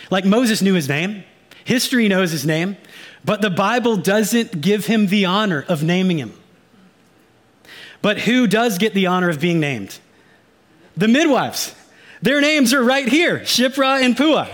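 A man with a high, bright speaking voice delivers a sermon from the pulpit. He preaches emphatically and with a lot of life, slipping casual slang into the teaching, then turns hushed and grave for the darker passages. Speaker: pastor.

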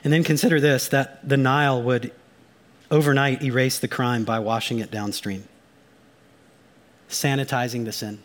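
A man preaching a sermon as pastor, emphatic and animated, mixing casual slang asides into the teaching and dropping to a hushed, grave tone for dark passages. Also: medium pitch, normal speed, pauses often.

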